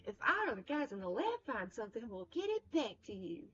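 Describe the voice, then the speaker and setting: A woman voicing a friendly young woman forensic tech with a put-on Southern US accent, speaking high and bubbly. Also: sing-song, brisk, breathy edge. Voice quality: bright, bubbly. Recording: dull lo-fi with music.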